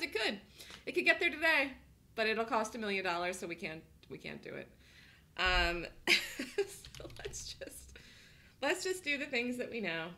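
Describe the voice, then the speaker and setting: A woman's voice: fairly high pitch, pushed and bright. A woman hosting a live day trading room, chatting casually, laughing often and thinking aloud as she calls trades.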